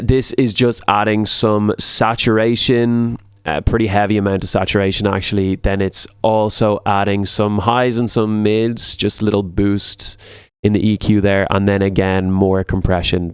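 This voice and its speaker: A man with a lowish, smooth and clear voice explains a tutorial in a relaxed, casual way. He stacks up repeated words for emphasis. The sound is close and dry. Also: normal speed, no echo. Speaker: music producer.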